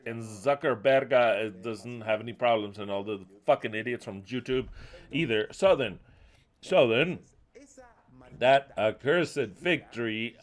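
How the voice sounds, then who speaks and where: An angry preacher drives a fiery sermon. He swears freely and raises his voice to curse, speaking at a middle pitch in a plain, unremarkable tone. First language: Spanish. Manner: fiery and profane, cursing loudly. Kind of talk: impassioned sermon.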